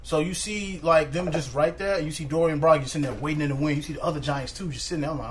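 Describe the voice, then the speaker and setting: A man's voice: on the high side, racing, hardly any pauses, poor audio. A man casually recapping a comic chapter in a loose, rambling way, swearing freely. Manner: rambling, loose and profane, heavy on "like" and "um". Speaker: manga chapter reviewer.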